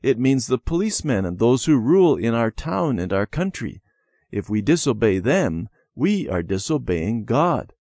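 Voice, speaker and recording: A man reading as a patient, gentle mother. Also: mid-range voice, moderate pace, no room sound, clean studio sound. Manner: calm, instructive storytelling.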